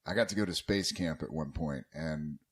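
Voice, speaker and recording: Male podcast host, rambling profane storyteller, very low voice. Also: normal speed, breathy edge. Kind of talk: casual storytelling chat.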